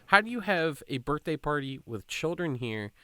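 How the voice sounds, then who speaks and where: A man's voice: a little high, sing-song, normal speed, bright, forceful tone, smooth, dry recording. A young man hosting a podcast, telling a rambling, swear-filled story in casual chat and quoting people along the way. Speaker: podcast host.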